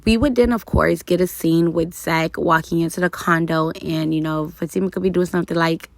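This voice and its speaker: A woman's voice: fairly low pitch, steady tone, brisk, gravelly, dry recording. Casual rambling woman. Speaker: TV commentator. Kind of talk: casual commentary vlog.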